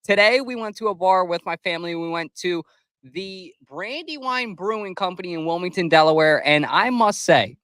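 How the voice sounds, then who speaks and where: A young man talking loosely into a close podcast mic and swearing casually as he recaps the game. His voice is smooth and resonant, a little high for a man, and the sound is dry with no room to it. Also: expressive, moderate pace, a bit bright, dry recording. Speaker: podcast host. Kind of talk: casual solo sports recap.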